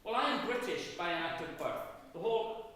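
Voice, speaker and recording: A Scottish man giving a dramatic history lecture, swinging from loud emphatic bursts to low hushed asides, recorded in a university auditorium. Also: lively intonation, fairly quick, a little hiss or hum. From Scotland. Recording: echoey hall, voice far from mic.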